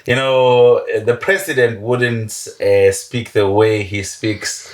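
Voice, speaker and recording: A man's voice: mid-range voice, fairly even intonation, takes it slowly, roomy sound. A man with a South African accent co-hosting a podcast in casual studio chat. He mixes Zulu and English and often says "you know". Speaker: podcast co-host.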